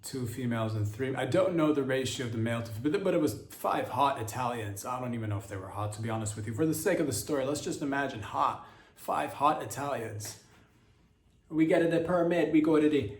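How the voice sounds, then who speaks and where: Male podcast comic, rambling and crude, mid-pitched, roomy echo. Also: quick pace. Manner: rambling, crude, many fillers and restarts. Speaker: podcast host. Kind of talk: rambling comedic monologue.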